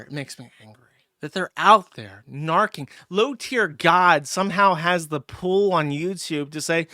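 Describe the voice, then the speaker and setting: A man's voice: high voice, expressive, normal speed, fairly bright tone, no echo, studio quality. A man hosting a livestream, ranting angrily and profanely, with mocking asides. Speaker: streamer host. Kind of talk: angry livestream rant.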